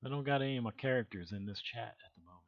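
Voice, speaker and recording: A man's voice: mid-range voice, racing, dry recording. Man, streamer, casual chat, jokey, basement, muffled lo-fi sound. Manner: jokey, tries out silly British voices. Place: basement room. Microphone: headphones on, desk mic.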